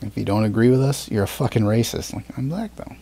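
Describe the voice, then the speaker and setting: A man's voice: on the low side, fast talker, vocal fry, warm tone, slightly rough. A man hosting a podcast in casual chat, rambling with fillers and plenty of swearing. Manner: rambling, swears often, frequent fillers and restarts. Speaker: podcast host.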